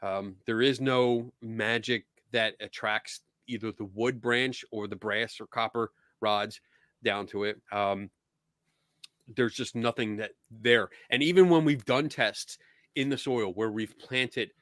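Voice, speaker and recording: A middle-aged man with a Philadelphia accent hosting a casual chat, easygoing, laughing often and filling pauses with ums. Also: on the low side, fairly even intonation, fairly bright tone, no echo, studio quality. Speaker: podcast host.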